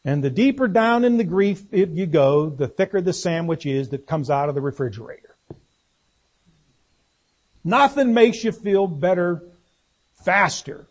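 Here a preacher gives a homespun, plainspoken sermon and frequently puts questions to his listeners. His voice rides fairly high for a man and carries a breathy, husky quality.

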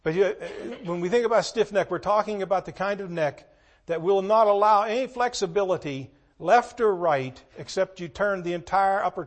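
A man preaching a sermon, reading scripture slowly and swinging between hushed asides and loud emphatic lines. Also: high voice. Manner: reads scripture in slow, measured tones.

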